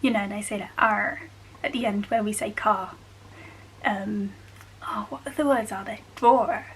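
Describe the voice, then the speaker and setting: A woman's voice: medium pitch, normal speed, a bit bright, slight background noise, low-quality recording. A young woman from the Black Country with a Black Country accent, explaining things in a chatty, carefully enunciated way as she talks to camera. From Black Country, England. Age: young adult. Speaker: vlogger. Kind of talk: casual talk to camera.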